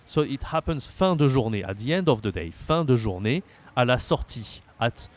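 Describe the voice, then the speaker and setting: French guy teaching french online, thick accent, bouncy up and down voice, lots of uhs. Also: moderate pace. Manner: lively, repeats phrases aloud with rising pitch, many fillers. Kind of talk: online language lesson.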